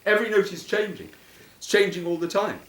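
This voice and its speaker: Animated male violin teacher, echoey room. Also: a little fast. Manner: emphatic, animated, sings notes to show pitch. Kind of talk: instructive commentary over violin playing.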